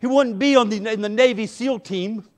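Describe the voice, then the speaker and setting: A middle-aged man preaching a sermon as pastor, impassioned, swinging between loud emphasis and hushed asides. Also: sits high, moderate pace.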